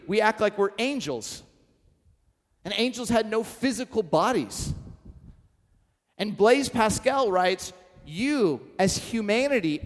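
A male pastor with a notably high voice preaches in a large hall, where his words trail off in a long reverb. He tells stories with self-deprecating humor and acts out the dialogue before turning to his message. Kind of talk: sermon with storytelling.

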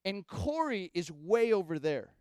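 A man preaching a sermon, telling a story with animated swings between loud bursts and hushed asides. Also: high voice, a little slow, clear, resonant tone, dry recording. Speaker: pastor.

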